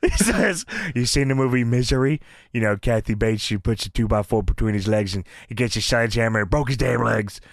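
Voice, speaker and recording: A man co-hosting a casual podcast, recapping old wrestling and acting out the quotes in a low voice, laughing often. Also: expressive, fairly quick, creaky, few pauses, no room sound, clean studio sound. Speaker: podcast co-host.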